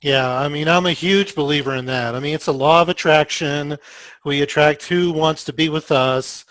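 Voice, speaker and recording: A man's voice: a little high, moderate pace, a bit bright, no room sound. A man hosting an interview, chatting in a friendly, easygoing way with fillers. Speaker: host. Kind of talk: casual interview talk.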